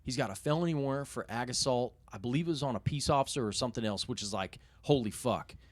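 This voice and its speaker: A young man telling a story as a podcast guest, swearing constantly and animated, often laughing at his own anecdote. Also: mid-range voice, quick pace, no echo. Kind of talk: casual storytelling in a podcast interview.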